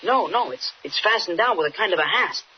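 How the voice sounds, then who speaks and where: An actor playing an eager, excitable teenage boy reporter in a 1940s radio drama. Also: sits high, a little fast. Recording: dull old radio recording with faint hiss.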